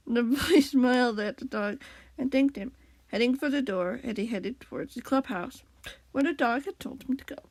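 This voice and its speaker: A woman's voice: a little high, moderate pace, a little mellow, dry recording. A young woman reading a storybook aloud in a casual way, with chatty asides about her own slips. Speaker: reader.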